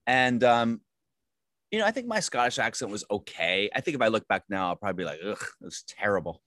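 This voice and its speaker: A man's voice: medium pitch, animated, fast, a bit bright. A man, an actor, telling rambling self-deprecating stories in a casual interview, with many fillers and restarts. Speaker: actor guest.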